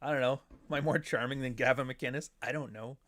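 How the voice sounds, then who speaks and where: Middle-aged Canadian man, mid-pitched, sardonic and profane, rambling livestream host. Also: steady tone, brisk, a bit bright. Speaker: show host. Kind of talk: casual livestream commentary.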